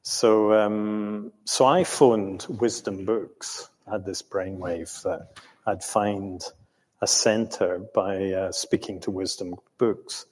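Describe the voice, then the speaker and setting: An older man from England tells his story slowly and hesitantly, pausing on ums and starting over. His voice sits low and sounds a little husky. The sound carries a long reverb, as if recorded in a hall. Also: steady tone, a little mellow. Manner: hesitant, full of ums and restarts, chuckling. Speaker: interviewee recounting his life. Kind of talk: reflective storytelling.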